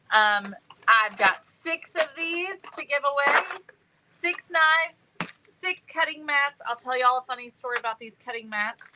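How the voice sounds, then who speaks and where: A woman's voice: fairly high pitch, pushed and bright, low-quality recording. A woman hosting a craft live stream, bubbly and chatty, greeting viewers by name. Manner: bubbly and chatty, many ums. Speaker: livestream host.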